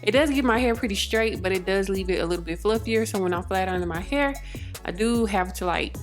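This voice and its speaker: A woman's voice: medium pitch, fast, faint music behind. A young woman chatting casually as she narrates her own hair tutorial, laughing often and rambling with fillers. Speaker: beauty vlogger.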